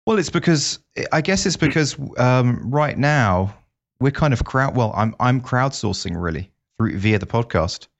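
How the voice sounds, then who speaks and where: In a dull lo-fi recording, a podcast co-host speaks at a measured pace in a mid-range voice. Chatting casually, he's lively and keen to lay out his plans.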